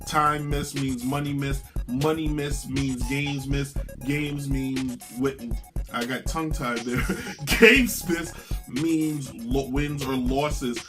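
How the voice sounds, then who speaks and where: Male sports host, mid pitch, opinionated and animated, music bed behind. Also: slow. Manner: brash, animated, sing-song rants. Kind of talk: opinionated sports commentary monologue.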